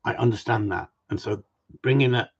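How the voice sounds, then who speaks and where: A man's voice: on the low side, fairly even intonation, brisk, slightly rough, muffled recording. A man, a gundog trainer chatting casually on a livestream, blunt and opinionated and given to repeating himself.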